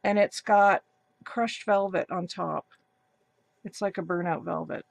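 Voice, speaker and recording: Crafting vlogger, woman, unhurried and effusive, gravelly fry. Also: on the low side, no echo. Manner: gushing, excited, breathy gasps. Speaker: crafting channel host. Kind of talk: casual unboxing vlog.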